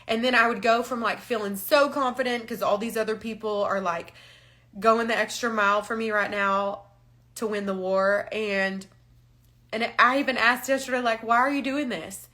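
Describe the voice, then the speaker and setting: This woman's voice sits on the high side, pushed and bright, with a steady tone and normal pace. Frank and emotional, she fights back tears while chatting casually on a live stream recorded through a phone or webcam.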